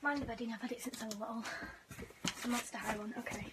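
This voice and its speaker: High-voiced excitable woman vlogging at home. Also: fast talker, very noisy. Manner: excitable and gushing, often dropping to a whisper. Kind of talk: casual unboxing vlog. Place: bedroom at home.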